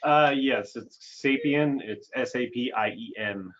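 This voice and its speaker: A man's voice: mid-range voice, measured pace. Easygoing guy rambling about his ranch work on a video call, lots of ums, kinda dull lo-fi sound. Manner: relaxed, rambling, with many fillers. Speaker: sheep ranch panelist. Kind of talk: casual panel talk. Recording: muffled video call audio.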